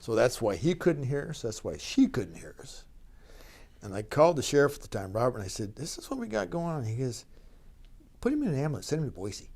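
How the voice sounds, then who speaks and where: A middle-aged man, a county sheriff, telling a story in a folksy, animated way during an interview, laughing now and then. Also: mid-range voice, a little fast. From Idaho.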